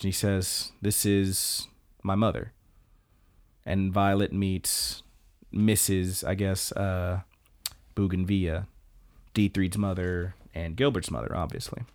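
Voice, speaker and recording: A man with a fairly low voice hosts a podcast, walking through story scenes in a relaxed, conversational recap. Now and then he bursts into excited, joking asides. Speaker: podcast host. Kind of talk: casual episode recap.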